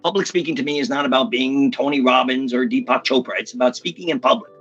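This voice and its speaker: Energetic husky male speaking coach. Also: mid-range voice, highs cut off, soft background music. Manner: energetic, emphatic, slips into quick impressions. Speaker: communication coach. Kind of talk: podcast interview.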